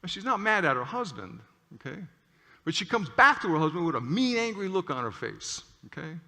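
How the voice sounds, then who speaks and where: Forceful man lecturing in a hall. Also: on the high side, brisk, creaky. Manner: animated, checks in with "okay?". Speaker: clinician lecturing on stress. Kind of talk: lecture with storytelling. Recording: long hall reverb.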